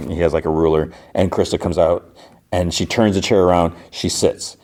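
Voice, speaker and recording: Low-voiced male podcast host, rambling casual recap. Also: steady tone, normal speed, warm tone. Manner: rambling, lots of "like".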